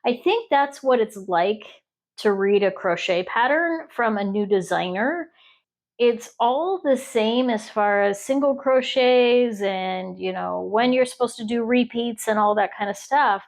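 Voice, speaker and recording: A woman's voice: on the high side, lively intonation. A woman from Ohio chats casually while she crochets, rambling and stopping to count stitches. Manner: rambling and self-interrupting, pausing to count stitches. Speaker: crochet podcast host.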